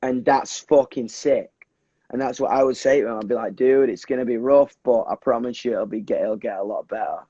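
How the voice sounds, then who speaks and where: A young British man chats on a livestream, rushing and restarting his sentences and swearing freely. His voice is husky and dry. The audio is dull and lo-fi, like a phone call. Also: mid-range voice, no room sound. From England. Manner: animated, swears a lot, many restarts and fillers. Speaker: musician guest. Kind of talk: casual livestream chat. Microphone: phone on a video call.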